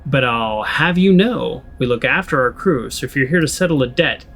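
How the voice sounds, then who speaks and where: A man voicing a curt male crew leader in a sci-fi game, speaking flat, direct and terse. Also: medium pitch, moderate pace, faint music behind. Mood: flat stern.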